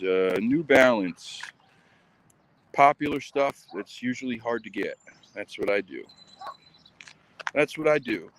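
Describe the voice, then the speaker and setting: A man's voice: medium pitch, fairly bright tone, slight background noise. A man casually chatting on a live stream while walking his dog outdoors, rambling with lots of ums and uhs. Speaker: channel host.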